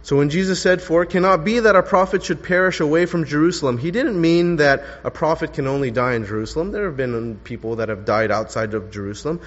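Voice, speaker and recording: A preacher man in a reverberant hall. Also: fairly high pitch. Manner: earnest expository preaching, reading scripture aloud with emphasis. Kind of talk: sermon. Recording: dull lo-fi sound with long hall reverb.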